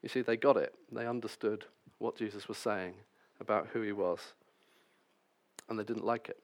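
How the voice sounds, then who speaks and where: Man, preacher, sermon, low voice, wry self-deprecating humour. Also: steady tone, normal speed. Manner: reads scripture then preaches with self-deprecating asides.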